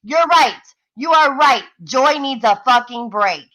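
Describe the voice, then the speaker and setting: A high, bright-voiced woman hosts a livestream in a fiery, profane rant. She talks fast and mocks her target without pause. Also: animated, poor audio. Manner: profane, mocking, fast-ranting. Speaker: livestream host. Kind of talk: heated live-stream commentary.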